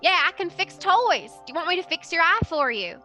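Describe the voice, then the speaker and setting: A woman's voice: very high-pitched, sing-song, brisk, sharp tone, faint music behind. A woman playing a tabletop game, friendly and eager as she speaks and plays her character. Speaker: player. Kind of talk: tabletop role-play.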